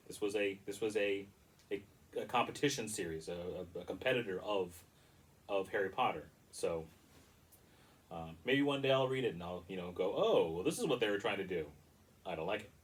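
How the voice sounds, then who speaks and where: A man's voice: lowish voice, far from the mic, rough recording. A man giving a casual, rambling and critical movie review with frequent restarts.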